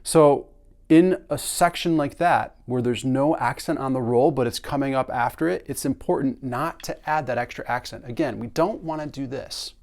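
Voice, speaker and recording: Male snare drum teacher, casual instructional delivery, average pitch. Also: moderate pace, a little hiss or hum. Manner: relaxed, conversational, sings drum patterns aloud.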